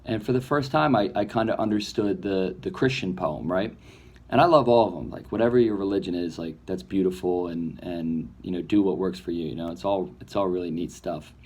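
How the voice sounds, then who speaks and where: A man, a comedy filmmaker, talking in a rambling, reflective monologue that grows animated as he acts out imagined voices. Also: low voice, fairly quick, husky.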